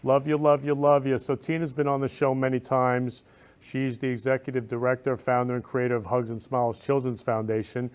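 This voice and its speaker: A man hosting a talk show with a smooth, resonant voice. He talks in an effusive, heartfelt way and keeps repeating warm words of love. His pitch sits in the middle range. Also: level tone, brisk. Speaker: host.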